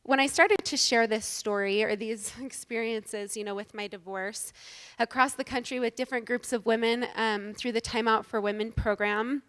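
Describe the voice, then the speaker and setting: A woman giving a humorous, self-deprecating inspirational talk to a live audience on stage, animated and joking. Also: a little high, normal speed. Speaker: inspirational speaker at a women's event.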